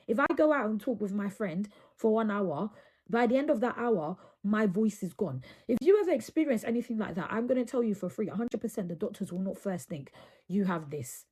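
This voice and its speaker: A woman's voice: medium pitch, expressive, a little fast, darkish tone, breathy edge. A young woman talking casually to camera as a video creator, earnest and emphatic, repeating words for stress.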